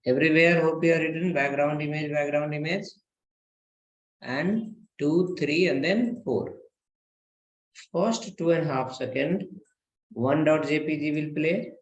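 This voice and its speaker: A man leads a live web design class, explaining each step at an unhurried pace and asking his students questions along the way. His voice sits slightly high, and his words ring in a noticeably echoey room. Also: highs cut off. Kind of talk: live coding lesson.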